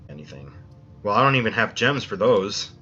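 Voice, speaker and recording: A man's voice: fairly low pitch, brisk, bright, forceful tone, slightly rough, muffled recording, faint music behind. A man streaming a video game, musing aloud as he thinks through his choices in casual commentary.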